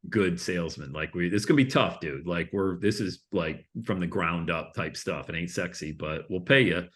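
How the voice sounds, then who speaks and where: A low-pitched man in his fifties from the Buffalo area tells stories as an interview guest. He livens them up by acting out what others said to him, in a loose, casual way. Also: moderate pace. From Buffalo, New York area. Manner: animated storyteller acting out quotes.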